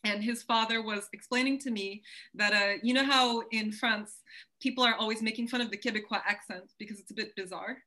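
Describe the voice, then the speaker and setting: A woman's voice: a little high, steady tone, bright, forceful tone. A woman from the United States, a podcast guest, chatting in a curious, playful way. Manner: curious, playful, quick to laugh. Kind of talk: casual interview chat.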